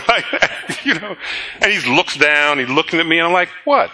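A bright, somewhat high-pitched man preaching a lively sermon to his congregation. He tells stories through acted-out dialogue and breaks into laughter as he goes. The voice of a middle-aged pastor. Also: moderate pace.

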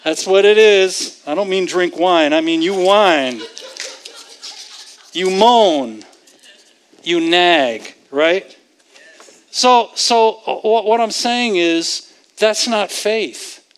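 A man's voice: high-pitched, slow, clean tone. A man preaching a sermon, emphatic and repetitive, asking rhetorical questions and chuckling at his own points.

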